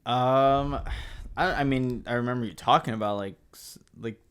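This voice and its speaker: A man's voice: medium pitch, normal speed, clean tone. A man co-hosting a podcast in casual chat, mostly giving short replies and getting worked up at times. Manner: relaxed listener, short backchannels, gets worked up. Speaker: podcast co-host.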